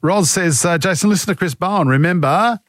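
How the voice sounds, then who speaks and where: A man's voice: sits high, brisk, a bit bright, dry recording, clean studio sound. A man hosting talkback radio, joking, poking fun at himself and reading out listener texts in a casual chat. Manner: joking, self-mocking, reads listener texts aloud. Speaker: radio talk show host. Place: radio studio.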